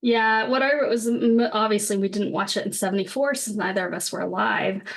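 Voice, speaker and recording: A woman's voice: medium pitch, brisk, vocal fry. Giggly woman on a podcast. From United States. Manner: laughs between phrases, swears casually. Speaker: podcast co-host. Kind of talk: casual chat.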